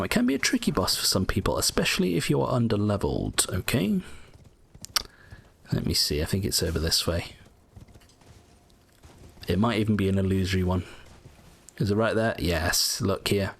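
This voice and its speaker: A man with a somewhat low voice talks casually over his gameplay, explaining tricks and tips in a chatty way. He often mutters short asides to himself between the explanations. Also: vocal fry, slight background noise. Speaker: gameplay walkthrough host. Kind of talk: casual game commentary.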